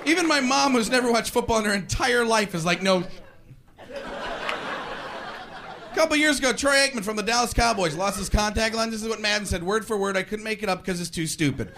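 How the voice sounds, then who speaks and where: A man doing stand-up on a club stage, his voice pitched high and sarcastic as he spins animated stories. A crowd laughs loudly around him. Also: brisk, background noise. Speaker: stand-up comedian. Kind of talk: stand-up comedy. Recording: live club with audience laughter.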